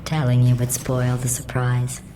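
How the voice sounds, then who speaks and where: An actress voicing a cold, sarcastic female AI that runs test chambers, speaking in a deadpan, passive-aggressive way through a synthetic robotic filter. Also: extremely low pitch, unhurried, noisy background. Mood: mocking. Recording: echoey game audio with music behind.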